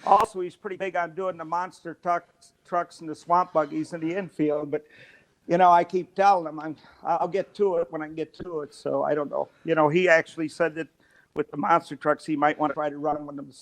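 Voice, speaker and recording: A man's voice: a little high, fairly even intonation, brisk. A man in a studio chat, pretending to take a phone call as a joke and rambling with fillers. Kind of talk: comic bit, fake phone call.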